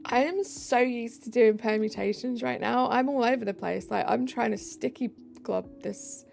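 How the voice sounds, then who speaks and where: Tired british girl chatting on stream, bit of fry in her voice, faint music under it. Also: on the high side, normal speed. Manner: chatty and giggly, drops into soft asides. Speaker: live streamer. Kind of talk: casual live-stream chat, reading chat aloud.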